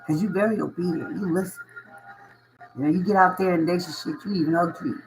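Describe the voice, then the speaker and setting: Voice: medium pitch, quick pace, faint music behind, rough recording. A tarot reader giving a casual reading to viewers, slangy and reassuring, often repeating phrases and laughing. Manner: reassuring, coaching tone.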